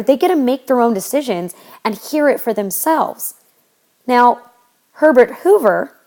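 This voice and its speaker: Woman explaining history conversationally. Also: medium pitch. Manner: conversational, explains step by step with fillers and restarts. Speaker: history teacher. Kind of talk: recorded history lecture.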